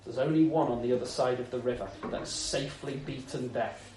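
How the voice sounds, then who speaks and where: A man preaching a sermon, telling stories expressively, with loud emphasis and soft, intense passages. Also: medium pitch, brisk, slight background noise. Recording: echoey room with faint ambience.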